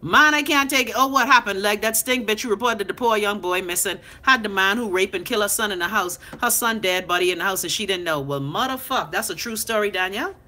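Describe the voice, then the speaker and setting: A woman's voice: medium pitch, fast talker, few pauses. A woman in her thirties with a Bahamian accent, ranting bluntly and profanely in a casual live chat while answering viewers. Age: 30s. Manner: blunt, profane, animated, talks back to commenters. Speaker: live-stream host reading comments. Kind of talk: unfiltered casual rant.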